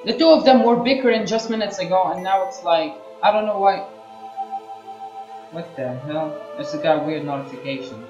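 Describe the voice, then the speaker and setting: A man's voice: high-pitched, moderate pace, highs cut off. Chatty gamer man, roomy echo. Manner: animated reactions, casual and chatty. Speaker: gaming YouTuber. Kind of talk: let's play commentary, reading game dialogue aloud. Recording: roomy echo with game music behind. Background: soft game music.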